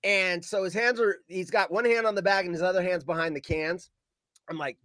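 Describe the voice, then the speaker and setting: Calling in to a show, a man tells a story in a high, brisk voice, shouting his quoted lines and swearing as he goes. His delivery is animated, and there's no room sound.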